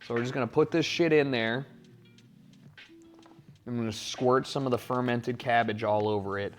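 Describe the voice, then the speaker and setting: A man's voice: mid-range voice, fairly even intonation, normal speed, soft background music. A man live-streaming as he cooks in his home kitchen, swearing freely and rambling while he answers his chat. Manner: profane, rambling, talks back to chat. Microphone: wired mic.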